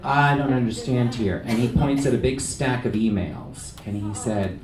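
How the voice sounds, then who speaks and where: A man's voice: mid-range voice, normal speed. A man from New York City, a TV news anchor, giving a humorous, self-deprecating storytelling speech at a luncheon. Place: restaurant event hall with a lunch audience. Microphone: venue microphone. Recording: echoey hall, far from mic, crowd and noise.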